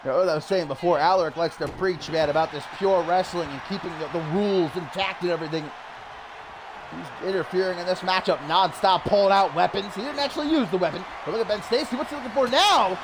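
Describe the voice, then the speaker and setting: A man calling a wrestling match play by play, getting excited and shouting at the big moments. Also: high-pitched, fast. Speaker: wrestling commentator. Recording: loud crowd and noise behind. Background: cheering crowd.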